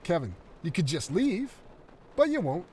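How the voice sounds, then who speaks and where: A man reading the part of a smug, handcuffed smoker who calmly goads his captor. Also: high voice, normal speed, recorded from a distance, a little hiss or hum. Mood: taunting. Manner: calm goading taunts.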